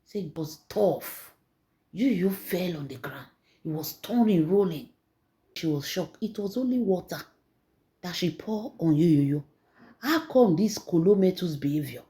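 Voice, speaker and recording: A woman's voice: on the low side, animated, normal speed, dark tone. A woman with a Nigerian Pidgin accent retelling celebrity gossip dramatically, repeating words and acting out quotes. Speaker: gossip storyteller.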